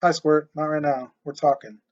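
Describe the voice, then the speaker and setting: A man's voice: on the high side, fairly even intonation, moderate pace, natural voice. A man voicing a sarcastic, bossy teenage girl in a storybook reading. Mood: dismissive. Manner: sarcastic, dismissive. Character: snarky teenage girl, bossy big sister. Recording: muffled lo-fi recording.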